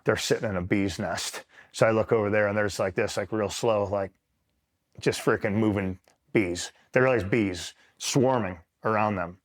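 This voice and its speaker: A middle-aged retired Marine from New York State telling a war story in casual, profane talk, full of "like" and "right?". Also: male voice, lowish voice, moderate pace. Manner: profane, rambling, filler-heavy with frequent "right?".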